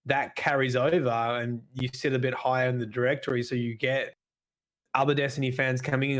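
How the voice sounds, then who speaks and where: A man's voice: medium pitch, fairly even intonation, fairly quick. An Australian man co-hosting a gaming podcast, musing aloud and restarting his sentences often. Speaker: podcast co-host. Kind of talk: casual chat.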